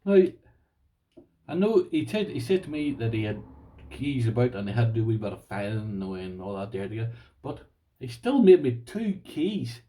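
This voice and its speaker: A middle-aged Irish man chatting casually to camera about his lock collection, self-deprecating and quick to laugh. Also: fairly low pitch, warm tone, far from the mic, poor audio. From Ireland. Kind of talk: casual vlog chat.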